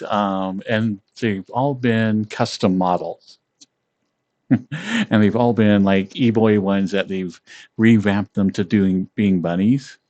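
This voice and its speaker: A man's voice: on the low side, steady tone, slow pace, a little mellow, no room sound, highs cut off. A man streaming casually from home, playful and giggling often as he chats.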